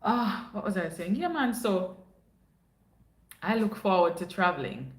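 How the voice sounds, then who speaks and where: A young woman with a Jamaican accent hosts a casual livestream chat, telling stories as a chatty storyteller and dropping into patois now and then. Her medium-pitched voice has big pitch swings and a measured pace, recorded in an echoey room.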